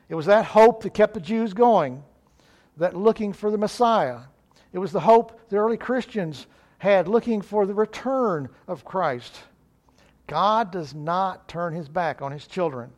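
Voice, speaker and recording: A man delivering a sermon in an earnest, building way, lingering on the phrases he wants to land. His voice sits on the higher side for a man. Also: darkish tone. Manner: earnest, rising in emphasis, slows on key phrases. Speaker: preacher.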